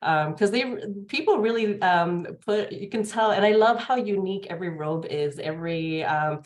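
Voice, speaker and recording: A woman in a casual group discussion, speaking hesitantly with many pauses and fillers. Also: fairly low pitch. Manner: hesitant, many ums and uhs. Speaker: Jedi community member.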